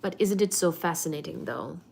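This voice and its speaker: A young adult woman hosting a casual physics study stream, thinking aloud and answering viewer chat with animated, expressive delivery. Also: lowish voice, a little fast, vocal fry, a little hiss or hum. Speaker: livestream science host reading viewer chat.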